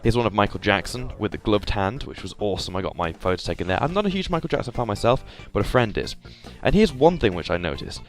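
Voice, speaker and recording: A young man from England narrates his photos in a chatty voice-over, pausing on fillers as he goes. His voice sits a little low, and faint music plays under it. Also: sing-song. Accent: English. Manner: chatty, hesitant, lots of fillers. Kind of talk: casual voice-over commentary.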